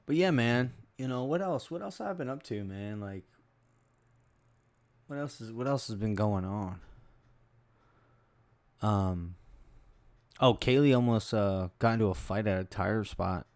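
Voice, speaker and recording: A young adult man chats alone as a podcast host, telling stories in a rambling, laid-back way with plenty of swearing. His voice sits a little on the low side. The sound is dry and close, with no room echo. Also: lively intonation, a little slow, pauses often, a little mellow. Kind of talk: casual solo podcast chat.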